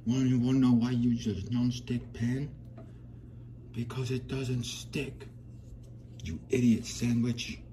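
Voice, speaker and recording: A man's voice: mid-range voice, level tone, slow pace, long pauses, warm tone, slight background noise, pitched above the performer's own voice, close to an everyday voice, poor audio. A man putting on an English accent to play a brash, scolding male TV chef. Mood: scornful. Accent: put-on English. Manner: mocking, insulting punchlines.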